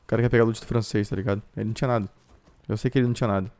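A man with a Brazilian accent giving live gameplay commentary, switching into excited voice-chat calls, loud outbursts and cursing. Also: fairly low pitch, racing. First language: Brazilian Portuguese. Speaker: gaming YouTuber.

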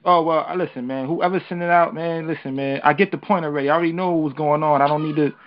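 A man speaking casually on a call-in radio show, rapid and loose, dropping "man" after nearly every phrase. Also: on the high side, steady tone, lo-fi sound.

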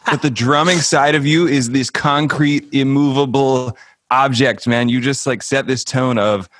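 A man's voice: mid-range voice, steady tone, measured pace, fairly bright tone, no echo. A young man from Alabama, a guest drummer in a laid-back interview who keeps saying dude and man. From Birmingham, Alabama. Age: young adult. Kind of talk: casual interview chat.

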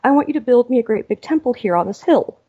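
A woman's voice: fairly high pitch, lively intonation, fast, warm tone, breathy edge, muffled recording, voice pushed up. A woman voicing a commanding holy apparition of a lady who speaks in an insistent, demanding way.

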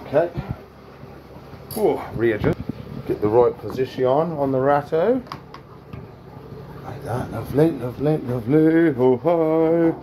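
A man's voice: mid-range voice, expressive, a little slow, pauses often, background noise. A man hosting a reptile-feeding vlog, chatting away and coaxing the animals in a sing-song voice. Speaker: reptile keeper and channel host. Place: indoors among reptile tanks.

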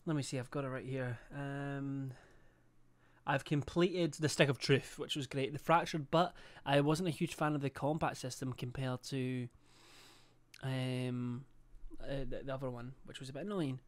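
A man's voice: medium pitch, fairly even intonation, moderate pace. A young man livestreaming a game, chatting casually, swearing a lot and reading out chat and subscriber messages. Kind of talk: casual live-stream chat.

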